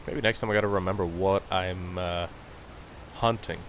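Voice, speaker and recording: A young man rambles bluntly through a live stream of a hunting game, swearing freely as he chats with viewers. His voice sits on the low side, and a faint noise runs under the recording. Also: fairly even intonation, normal speed. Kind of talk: casual live-stream chat.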